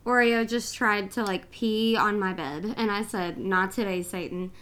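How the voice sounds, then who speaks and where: Speaking unhurriedly in a smooth, mid-range, slightly bright voice, a young podcast co-host delivers a casual monologue. Her tone is chatty and earnest, full of fillers, and she's a bit breathless.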